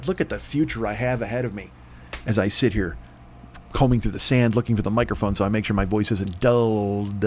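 A man rambles through a comedy ad read with a lively, swooping voice that keeps jumping up and down. He sounds dry-throated and swears freely. He drops into mock announcer voices now and then. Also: fairly low pitch, vocal fry. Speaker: podcast host.

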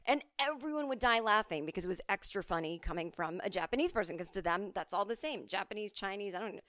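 A woman's voice: medium pitch, normal speed, no room sound, clean studio sound. A woman in her forties hosting a solo podcast, telling rambling childhood stories full of swearing and asides. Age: 40s. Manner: rambling, profane, animated storytelling with asides. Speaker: podcast host.

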